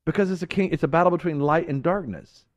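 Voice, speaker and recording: A man preaching fervently as a talk show host, swinging between emphatic outbursts and hushed, earnest passages. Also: a little high, fast talker, dry recording.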